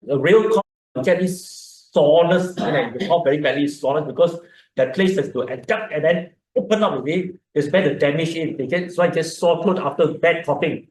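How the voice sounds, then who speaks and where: With a fairly high, slightly mellow voice at a moderate pace, a man speaks Malaysian English. He gives an informal health lecture in an echoey lecture hall, repeating words while he explains and demonstrates breathing.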